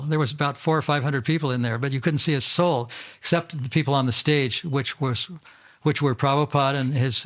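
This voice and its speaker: A man's voice: mid-range voice, fairly bright tone. An older man giving an informal talk to his disciples at a home gathering, often stumbling, repeating words and restarting sentences. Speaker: spiritual teacher.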